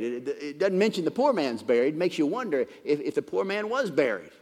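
A man's voice: a little high, big pitch swings, a little fast, darkish tone, long reverb tail. A man preaching a sermon, retelling a passage and often stumbling over repeated words. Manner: expository retelling with frequent stumbling word repeats.

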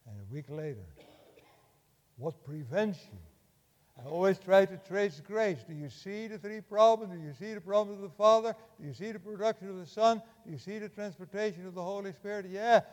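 An older man preaching a sermon in a church, impassioned, swinging from loud urging to hushed tones. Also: sits high, fairly quick, long reverb tail.

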